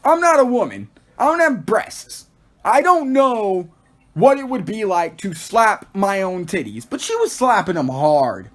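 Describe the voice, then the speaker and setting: A young man from Texas hosting a solo podcast review, excitable and rambling, peppering his talk with "like.". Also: high voice, measured pace. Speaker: podcast host.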